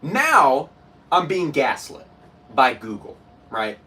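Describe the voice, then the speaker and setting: A man's voice: mid-range voice, huge pitch swings, takes it slowly, bright, forceful tone, recorded from a distance. A young man streaming live, ranting to his chat in a casual, incredulous way and laughing as he goes.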